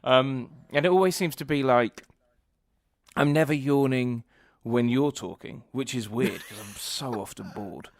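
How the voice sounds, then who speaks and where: Sleepy man with a gravelly voice. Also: mid-range voice, measured pace, dry recording, studio quality. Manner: hesitant and apologetic, lots of restarts. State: sleepy, yawning. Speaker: podcast co-host. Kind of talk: casual podcast discussion. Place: home recording in Australia.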